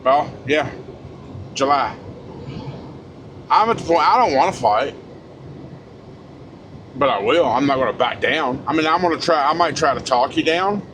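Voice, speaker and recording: A man's voice: on the high side, expressive, unhurried, long pauses, a bit bright. A man, a truck driver vlogger giving a blunt, profane, fired-up casual rant. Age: 40s. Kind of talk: casual ranting monologue. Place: inside a truck cab. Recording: road noise from a moving truck.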